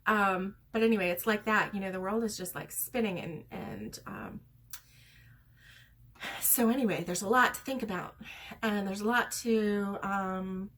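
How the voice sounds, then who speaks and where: A woman's voice: medium pitch, measured pace, fairly bright tone, slight background noise. Chatty heartfelt woman crochet vlogger. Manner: rambling, heartfelt, many ums. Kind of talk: casual chat to viewers.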